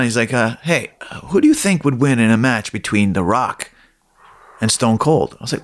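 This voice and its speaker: A man's voice: medium pitch, normal speed. A middle-aged man co-hosting a podcast, chatting casually and acting out quotes and sound effects as he tells stories. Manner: animated storyteller, acts out quotes and sound effects. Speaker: podcast co-host. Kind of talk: casual chat.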